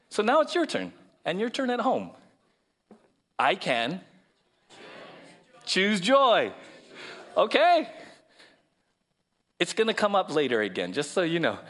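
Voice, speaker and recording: Middle-aged pastor guy preaching in church, high voice, swoops up and down a lot. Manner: animated, mocking voices and dropping to soft asides. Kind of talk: sermon. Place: church sanctuary.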